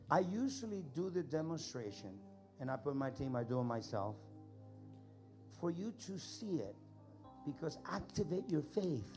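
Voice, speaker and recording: A man preaching at a healing service, urgent and commanding, often repeating himself. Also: on the high side. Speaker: pastor leading a healing service. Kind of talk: preaching to a congregation. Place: large church hall. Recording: live with music and crowd behind.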